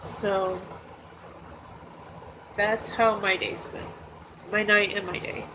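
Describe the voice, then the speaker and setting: A woman's voice: mid-range voice, little pitch movement, slow pace, background noise. A middle-aged woman telling a personal story in a casual vlog, rambling and upset and holding back tears. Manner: rambling, upset, with many asides and fillers. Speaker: vlogger. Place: her bedroom at home.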